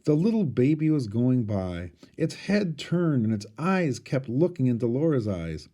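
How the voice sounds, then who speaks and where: A man, a teacher, reading a storybook aloud with expressive storytelling. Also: mid-range voice, a little slow.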